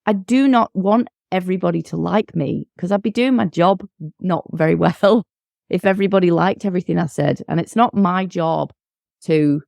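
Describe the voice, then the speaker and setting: A woman in her forties from the United Kingdom, a guest speaking in casual conversation, animated and acting out quoted dialogue. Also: fairly low pitch, moderate pace, vocal fry, dry recording. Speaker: guest, coach and podcaster.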